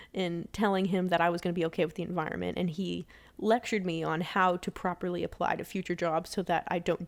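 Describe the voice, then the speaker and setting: A young woman talks casually from her bed while she plays a game for her vlog. She tells a rambling story, restarting her sentences and slipping into the voices of the people she quotes. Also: fairly low pitch. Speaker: gaming vlogger. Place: in bed at home.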